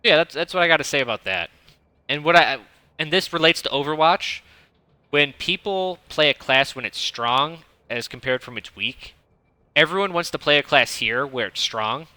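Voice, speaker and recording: A man, a streamer casually coaching a viewer in a blunt, profane, rambling way with a fairly monotone delivery. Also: a little high, normal speed, no room sound. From United States (Detroit). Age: 30s. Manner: self-described monotone delivery.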